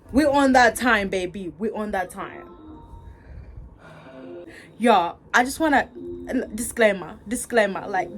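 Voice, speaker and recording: A young woman vlogging a storytime, talking straight to her viewers, repeating herself and swinging between angry outbursts and laughter. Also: fairly high pitch. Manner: animated, repetitive, talks straight to viewers. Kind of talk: casual storytime vent.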